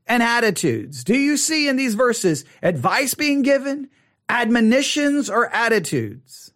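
A man leads a Bible study lesson in a casual teaching voice. He speaks high for a man, and his pitch swings widely as he acts out a reader's surprised reactions. He often restarts and repeats his phrases. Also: big pitch swings, unhurried, fairly bright tone.

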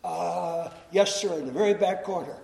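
A man preaching in chapel to students, explaining slowly and deliberately and repeating phrases for emphasis. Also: high-pitched, creaky, darkish tone. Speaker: chapel speaker. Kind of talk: sermon to students. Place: chapel hall. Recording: echoey chapel hall.

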